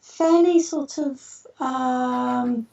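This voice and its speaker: Gravelly woman on a muffled distant line. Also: high-pitched, very slow, mellow. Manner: chatty, anecdotal, many fillers and restarts. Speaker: guest, artist and theorist. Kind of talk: podcast interview.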